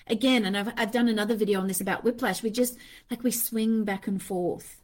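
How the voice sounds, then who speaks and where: A woman's voice: medium pitch, fairly even intonation, brisk. A woman hosting a podcast in a candid, casual monologue, swearing freely and acting out her own inner voices. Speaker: podcast host.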